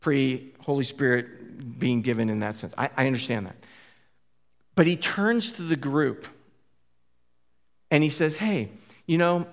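A pastor with a medium-pitched voice delivers a conversational sermon, unhurried and with long pauses. His manner is informal, and he often restarts phrases, repeats words, and poses questions to his listeners.

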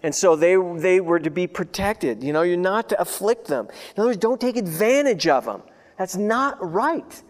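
Earnest pastor in a reverberant hall. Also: male voice, sits high, lively intonation, brisk, few pauses. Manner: conversational, earnest, repeats himself, swings between loud and hushed. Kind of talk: sermon.

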